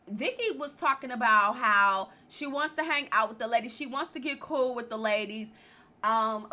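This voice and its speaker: A woman vlogging a casual, blunt, laughing recap of a reality show, speaking with features. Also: fairly high pitch. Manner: chatty, animated, laughing often, blunt opinions. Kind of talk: casual chat.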